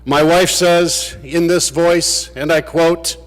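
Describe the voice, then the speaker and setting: A man's voice: on the high side, fairly even intonation, takes it slowly. A man giving a farewell speech to fellow legislators, telling anecdotes with dry humor. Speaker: state legislator. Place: large legislative chamber. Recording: long reverb of a big chamber.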